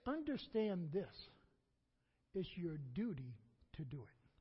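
A man's voice: high voice, sing-song, slow, breathy edge, highs cut off. A man preaching a sermon as pastor. He repeats lines for emphasis and leaves gaps for the congregation to answer.

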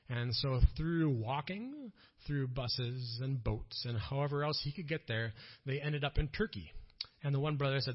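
Man, Minnesotan accent, missionary storyteller, husky voice, chatty with fillers, slightly muffled recording. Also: on the high side, animated, moderate pace. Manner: conversational, with frequent fillers and self-corrections. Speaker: missionary speaker. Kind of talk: storytelling presentation to an audience.

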